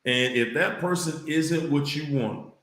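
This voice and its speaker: Slow-talking man in an echoey room. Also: a little high. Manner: exclaims loudly, repeats phrases, preachy. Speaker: livestream host reading viewer comments. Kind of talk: casual livestream talk.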